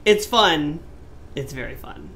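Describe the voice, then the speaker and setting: Co-hosting a casual gaming podcast, a man chats in a playful, teasing way, drawing words out for emphasis. His fairly high voice is animated, pushed, and bright, and he takes it slowly.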